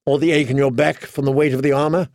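A man narrating an audiobook in steady, dramatic storytelling. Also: mid-range voice, fast, no room sound, clean studio sound. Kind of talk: scripted narration.

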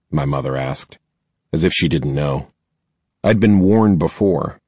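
A man narrating a first-person audiobook in a slow, expressive reading. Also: rumbling low, breathy edge, no room sound, dull audio.

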